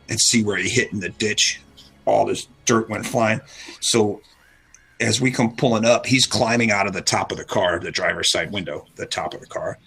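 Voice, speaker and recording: A man's voice: lowish voice, creaky, breathy edge, rough recording. A middle-aged man hosting a radio talk show, telling a story casually and acting out the quoted lines. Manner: animated storyteller, acts out quotes.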